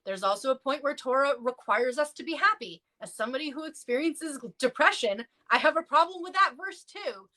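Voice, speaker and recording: An animated clergy guest in a livestream discussion talks briskly, with hardly any pauses, in a pushed, bright voice. She tells casual stories loaded with fillers, and her pitch jumps as she acts out quoted voices.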